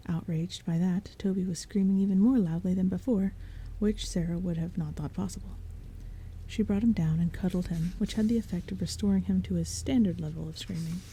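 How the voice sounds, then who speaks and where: A woman reading a novel aloud as a soft-spoken bedtime story, in a soft, breathy half-whisper. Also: lowish voice, a little hiss or hum, rough recording. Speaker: audiobook reader. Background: soft rain and thunder.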